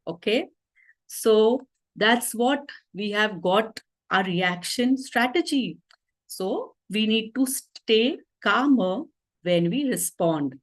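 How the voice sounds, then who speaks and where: A woman leading an online teacher training over a video call, explaining calmly and checking in with "okay?". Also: medium pitch, low-quality recording.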